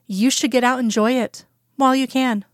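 A woman voicing a chatty, insistent Southern woman, higher and brighter than her narration, in an audiobook reading. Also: steady tone, fairly quick, no echo, studio quality, lightly acted. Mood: cheery, coaxing. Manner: bubbly, insistent, higher-pitched.

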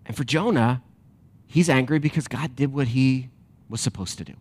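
A man preaching a sermon to a congregation, animated and emphatic, then dropping to quiet reflective questions. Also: medium pitch, normal speed, slightly rough. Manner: direct address to a congregation with rhetorical questions. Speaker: pastor.

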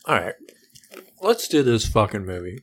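A man co-hosting a podcast in casual improvised comedy chat, halting and restarting, swearing offhand. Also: lowish voice, very animated, fairly bright tone. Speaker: podcast co-host.

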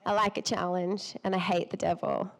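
A woman's voice: medium pitch, level tone, normal speed, poor audio. A woman with a cold, preaching to women in a chatty, self-deprecating way, laughing often and sometimes losing her thread. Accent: a noticeable non-local accent. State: has a cold. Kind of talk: sermon.

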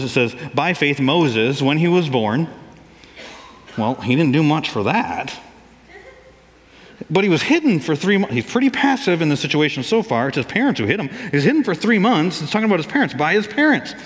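Animated preacher man in an echoing hall. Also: fairly high pitch. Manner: lively and animated, acts out voices for comic effect. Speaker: pastor. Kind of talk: sermon. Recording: long reverb of a large hall.

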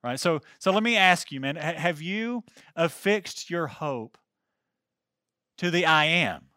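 A man's voice: on the high side, animated, slow, pushed and bright, dry recording, clean studio sound. A man preaching a sermon, reading scripture aloud and breaking in with emphatic comments to his listeners. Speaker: pastor.

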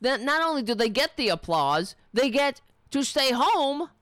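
A profane, sarcastic woman ranting with lively pitch. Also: measured pace, background noise. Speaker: political commentator. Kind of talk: angry political rant.

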